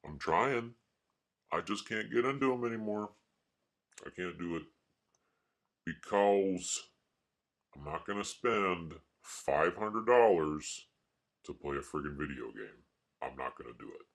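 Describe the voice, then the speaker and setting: A man's voice: low voice, animated, unhurried, long pauses. A man vlogging and rambling casually in a wry, mock-grumpy way. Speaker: art vlogger.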